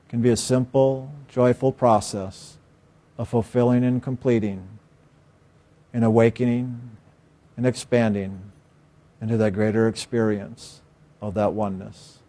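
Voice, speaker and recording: A man giving a calm, measured inspirational spiritual talk with repeated phrases. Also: mid-range voice. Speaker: spiritual teacher.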